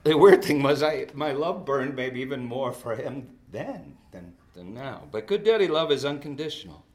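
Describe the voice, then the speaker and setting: A man in his fifties preaching a sermon and telling stories, swinging between loud outbursts and soft drops. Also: mid-range voice, animated, normal speed. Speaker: pastor.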